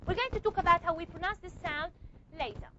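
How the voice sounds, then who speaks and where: A woman lectures a classroom on phonetics, repeating key points and stopping often to ask whether students are following. Her voice sits very high and sounds bright and sharp, moving up and down with energy. The recording is a little dull, with faint noise behind her. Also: fast talker. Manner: repeats points and checks understanding with questions. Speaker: phonetics teacher.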